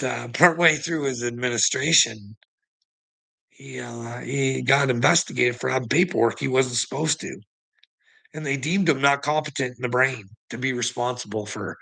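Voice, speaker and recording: A man's voice: mid-range voice, gravelly, sharp tone, slightly rough, poor audio. A man hosting a live stream, ranting at his chat in a combative, profane way and needling viewers by name. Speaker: livestream host.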